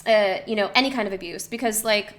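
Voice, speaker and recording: A woman's voice: mid-range voice, fast. Woman musing with a stream chat. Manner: reflective, with many fillers and restarts. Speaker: streamer and personal trainer. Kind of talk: casual talk to a live stream chat.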